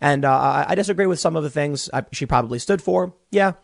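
A man's voice: a little high, fast, gravelly, dry recording. A young man hosting a political commentary show from a small closet studio, ranting animatedly and stammering through repeated words. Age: young adult.

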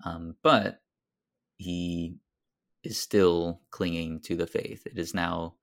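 A man's voice: sits low, steady tone, slow pace, vocal fry. A man co-hosting a podcast, talking through a film in a thoughtful, hesitant way with frequent fillers. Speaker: podcast co-host. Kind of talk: casual film discussion.

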